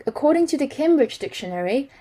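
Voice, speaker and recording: A woman's voice: high voice, big pitch swings, fast, dark tone, poor audio. A woman hosting a language lesson, explaining an article in an explanatory way and slipping into French with ease. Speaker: host explaining news articles.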